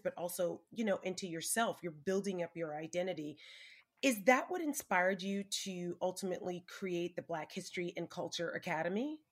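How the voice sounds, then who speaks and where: A woman co-host who shares personal asides before asking her question in a casual interview. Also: fairly low pitch.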